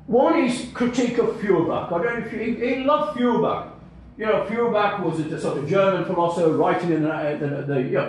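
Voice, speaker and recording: A man's voice: high-pitched, a little mellow. A man giving an informal lecture, talking conversationally, repeating words and checking in with his listeners. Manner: conversational, repeats words and asks "you know?" and "okay?" often. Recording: very echoey lecture room.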